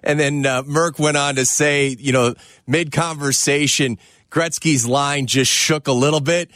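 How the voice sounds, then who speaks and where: A man's voice: fairly high pitch, steady tone, a little slow, a bit bright, dry recording, clean studio sound. A man hosting a sports radio show, talking in a reflective, conversational way.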